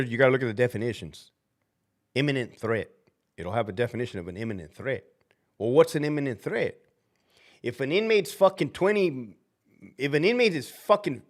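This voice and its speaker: A man with a fairly high voice that swings up and down a lot, talking about his old prison job on a live stream. He is blunt and swears constantly. His storytelling is animated. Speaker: livestream host, former prison officer. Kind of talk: casual livestream chat.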